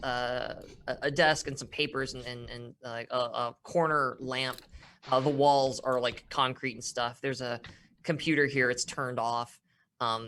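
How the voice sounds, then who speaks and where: A man running a tabletop game as game master, in a middle-pitched voice. He narrates loosely, full of fillers and restarts, and laughs often between lines. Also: sharp tone, a little hiss or hum.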